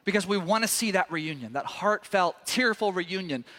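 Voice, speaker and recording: A man preaching with a high, bright voice. He tells the story with animation, jumping into the characters with sudden loud outbursts. His voice carries through a large hall with a long, echoing reverb. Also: animated, normal speed. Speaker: pastor. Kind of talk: sermon.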